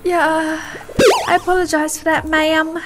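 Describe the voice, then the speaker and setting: High-pitched woman gaming host. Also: flat delivery, a little slow, loud music behind the voice. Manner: dramatic, emotional, exclaiming. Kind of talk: gaming commentary.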